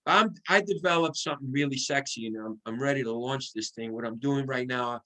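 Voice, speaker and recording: A man giving an excitable, coaching sales training talk over a video call, acting out sample phone calls as he goes. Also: mid-range voice, brisk, low-quality recording. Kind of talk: motivational team training talk.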